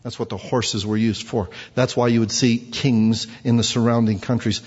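Male preacher, mid-pitched, lively and questioning; muffled recording with long hall echo. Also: moderate pace, slightly rough. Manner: lively, quizzes the congregation, acts out quotes. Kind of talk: sermon.

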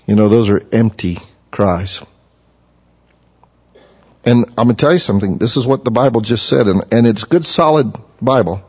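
A man's voice: normal speed, pauses often, darkish tone, slightly rough. Male preacher, earnest sermon delivery, muffled sound with a long hall echo. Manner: earnest, rises in pitch to voice quoted figures.

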